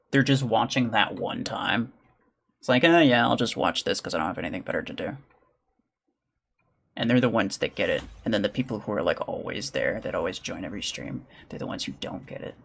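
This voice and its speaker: A man's voice: mid-range voice, vocal fry, fairly bright tone. A man streaming a video game live, chatting casually with viewers and muttering as he plays. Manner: chatty, reads and answers chat, mutters during play. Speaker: gaming livestreamer. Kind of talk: casual live-stream chat while playing.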